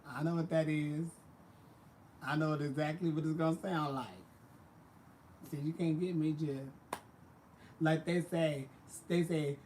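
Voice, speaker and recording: A man's voice: fairly high pitch, level tone, unhurried, pauses often, a little mellow, slight background noise. A man hosting a casual livestream, chatting sassily with viewers and calling them baby and honey. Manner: sassy, chatty, calls people baby and honey. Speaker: livestream host.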